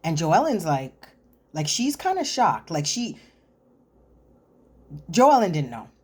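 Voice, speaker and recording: A woman's voice: fairly low pitch, sing-song, takes it slowly, a little mellow, slightly rough. A woman hosting a chatty, sassy recap of a reality TV episode, talking straight to her viewers. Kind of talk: casual episode recap commentary.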